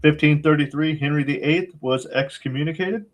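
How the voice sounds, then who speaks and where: A man's voice: fairly high pitch, moderate pace. A man co-hosting a casual podcast, talking in a laid-back, rambling way with lots of fillers and a wry, sarcastic streak. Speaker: podcast co-host.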